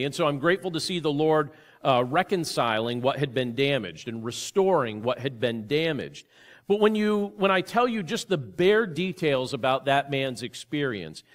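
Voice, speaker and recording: Earnest man preaching a sermon. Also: fairly high pitch. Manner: earnest, conversational preaching with rhetorical questions. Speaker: pastor. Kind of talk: sermon with opening prayer.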